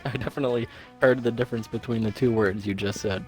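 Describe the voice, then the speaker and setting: A man's voice: mid-range voice, steady tone, fast, faint music behind, close to an everyday voice. A man reading as a condescending hipster vampire. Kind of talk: reading game dialogue aloud.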